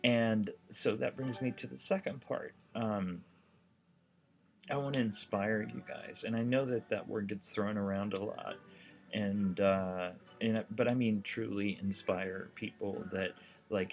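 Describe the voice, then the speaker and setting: A man's voice: on the low side, fairly even intonation, a little slow, gravelly. A seriously ill man talking casually to the camera, rambling and heartfelt with lots of fillers. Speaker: documentary vlogger.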